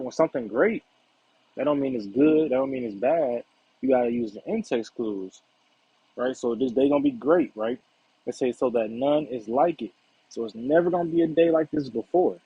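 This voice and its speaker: A man's voice: medium pitch, normal speed, dark tone, breathy edge. A man giving a casual Bible lesson in a conversational way, often checking in with "right?" and "all right". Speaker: Bible teacher. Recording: dull lo-fi recording.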